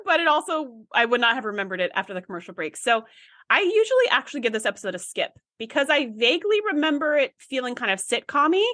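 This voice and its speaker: A woman's voice: high-pitched, very animated, quick pace, bright, forceful tone, no room sound, studio quality. A woman co-hosting a podcast in casual chat, chatty and reflective, agreeing readily. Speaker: podcast co-host.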